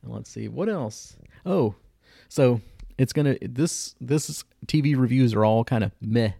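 A man's voice: medium pitch, a little slow, gravelly, dark tone, no room sound. A man co-hosting a podcast, casually reviewing shows in a laid-back way and giving dry verdicts. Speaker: podcast co-host.

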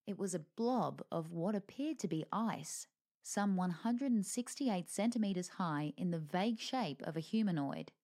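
A woman's voice: on the low side, expressive, normal speed, mellow. A woman reading a lighthearted fantasy story aloud with wry narration.

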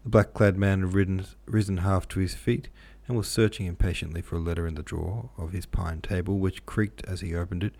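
Deep gravelly male novel reader. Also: fairly even intonation, a little mellow. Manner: measured, occasionally self-correcting. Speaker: audiobook narrator. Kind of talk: reading a classic novel aloud.

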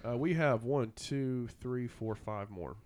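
A man's voice: medium pitch, slow, darkish tone. A man from Missouri hosting a podcast, reading out film quotes for a trivia game and laughing often. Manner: laughs often, teasing quizmaster. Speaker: podcast host.

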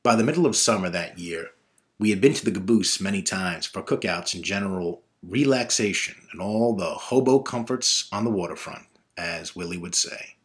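Man, lowish voice, reflective first-person storyteller, measured delivery.

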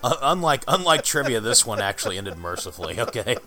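A man's voice: mid-range voice, big pitch swings, fairly quick. A man co-hosting a podcast, telling jokey stories and laughing as he talks. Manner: jokey storyteller, laughs while talking. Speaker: podcast co-host. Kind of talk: casual podcast chat.

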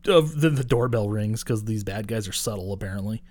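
A man's voice: on the low side, fairly quick, slight background noise. A man co-hosting a podcast, casually recapping a movie scene by scene and swearing often. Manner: profane, animated retelling with quoted voices. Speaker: podcast co-host.

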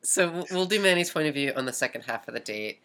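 Woman, very deep voice, forceful edge, casual episode recap, animated storyteller. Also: fast talker. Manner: animated storytelling, repeats words while thinking. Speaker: podcast co-host.

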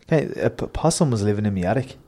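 A man's voice: fairly low pitch, expressive, very fast, mellow. A man on a live podcast from a hotel, telling rambling anecdotes in casual chat.

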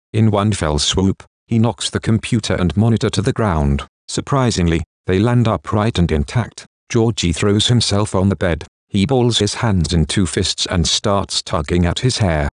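A man reading a novel aloud in steady, scripted narration. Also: deep voice, no echo, clean studio sound. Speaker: audiobook narrator.

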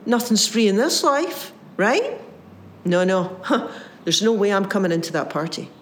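A woman's voice: mid-range voice, very animated, unhurried, a little hiss or hum. A woman playing a resentful, indignant elder brother. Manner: scornful, incredulous.

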